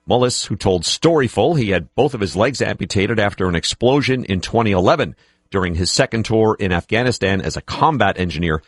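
Low-voiced male radio news anchor. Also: breathy edge, no room sound, clean studio sound. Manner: steady measured delivery. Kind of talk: read news bulletin. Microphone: studio broadcast mic.

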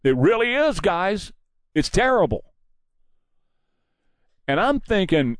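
A man's voice: high voice, very animated, slow, dry recording. A man hosting a combative, mocking political commentary monologue.

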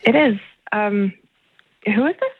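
A woman's voice: mid-range voice, animated, slow. A woman on a phone call, polite but confused and exasperated. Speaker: prank call target.

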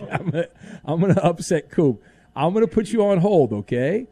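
A man's voice: a little high, lively intonation, moderate pace, warm tone, breathy edge, dry recording. A man hosting sports talk radio, playful and teasing as he takes calls and reads the news.

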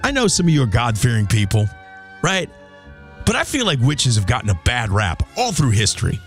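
A man co-hosting a casual comedic chat, jokey and animated, slipping into little voices. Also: mid-range voice, brisk, faint music behind. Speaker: podcast co-host.

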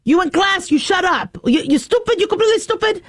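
A woman voicing an angry, strict father who scolds in clipped, broken English, pushed much higher than her own voice. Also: expressive, brisk. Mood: angry scolding.

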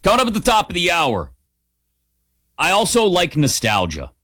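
Animated male sports radio host. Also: fairly high pitch, a little slow, dry recording, studio quality. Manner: animated, conversational, opinionated. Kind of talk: opinionated sports talk monologue. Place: radio studio.

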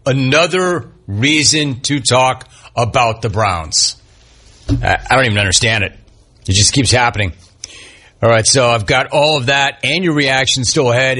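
Male sports radio host, husky and bright, punchy and opinionated, faint music underneath. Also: mid-range voice. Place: radio studio.

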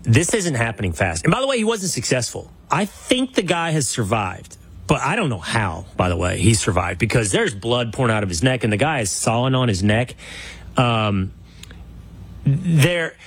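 A man hosting a political interview show, his voice a little husky and rough at the edges. He talks with lively, wide swings of pitch, leaping up to act out other people's words. The delivery is loose and conversational. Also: moderate pace. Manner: animated, acts out quotes with big pitch jumps. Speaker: podcast host.

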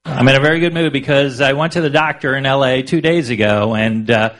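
A man's voice: mid-range voice, a little fast, a bit bright, some chatter behind. A man doing a stand-up routine, telling a story in a chatty, hesitant way. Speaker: stand-up comedian.

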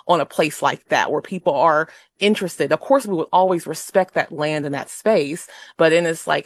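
A woman speaking as a guest paranormal investigator on a call-in radio show. She talks in an animated, expressive way, with quick restarts. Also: deep voice. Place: Los Angeles.

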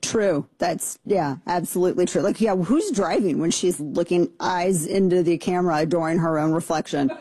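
A woman hosting a talk radio show, mocking and sarcastic in rapid-fire opinionated commentary. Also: fairly low pitch, dark tone, slightly rough, no echo.

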